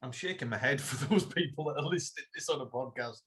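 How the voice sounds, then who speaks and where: A man's voice: medium pitch, fast talker, fairly bright tone. Man teasing his co-host. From Teesside, North East England. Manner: teasing, dry, reads listener questions. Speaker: podcast co-host. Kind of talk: casual chat.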